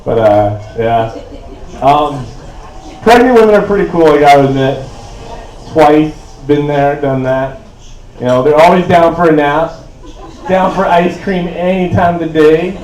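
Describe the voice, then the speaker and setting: A man's voice: a little high, a little slow, darkish tone. A man in his twenties from Canada doing a stand-up set, laid-back and rambling, with lots of "like" and "uh". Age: 20s. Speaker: stand-up comedian. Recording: roomy echo, voice from a distance.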